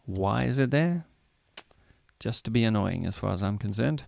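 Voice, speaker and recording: Older man, gravelly voice, casual podcast host, spells words out, dry close mic. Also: on the low side, lively intonation, moderate pace, darkish tone, no room sound. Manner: jokey, spells words letter by letter. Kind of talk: casual educational chat.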